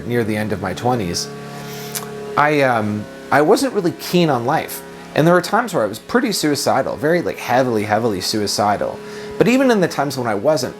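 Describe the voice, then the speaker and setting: A man in his thirties, a productivity coach, giving a reflective self-help talk full of questions and repeated phrases. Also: mid-range voice.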